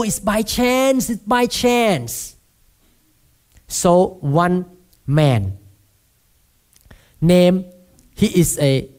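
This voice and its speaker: A man's voice: fairly high pitch, a little mellow. A man from Thailand with a Thai accent, preaching a sermon as pastor and regularly asking the congregation to answer back. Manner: asks the congregation for responses, self-deprecating humor.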